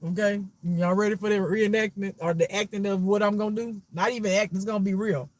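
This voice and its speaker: Man with a high voice, casual spiritual reader, preachy and repetitive, swears freely. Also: steady tone, quick pace. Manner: preachy, profane, repeats phrases.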